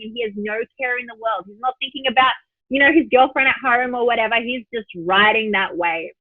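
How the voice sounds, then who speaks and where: A woman's voice: on the high side, a little fast, dry recording. Woman, podcast guest, storytelling, phone-line sound, dry. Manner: animated storytelling, acts out her own thoughts. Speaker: spiritual teacher, guest. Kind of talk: podcast interview.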